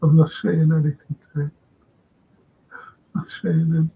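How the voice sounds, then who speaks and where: A man's voice: fairly high pitch, level tone, normal speed, vocal fry, long pauses, dark tone, slightly rough, dull audio. A man with a Scouse accent hosting a live stream, chatting in a meandering way and reading out viewer comments. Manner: meandering, chatty, self-interrupting.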